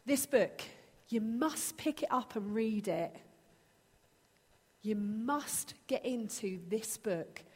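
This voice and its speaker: A woman in her thirties preaching a sermon, earnest and animated, acting out her own pleas to God. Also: a little high, slow pace, long pauses, breathy edge. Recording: long hall reverb.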